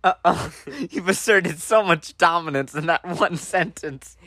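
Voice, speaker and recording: A man co-hosting a podcast in casual banter, excitable and jokey, laughing a lot and jumping high in pitch when he plays indignant. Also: unhurried. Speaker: podcast co-host.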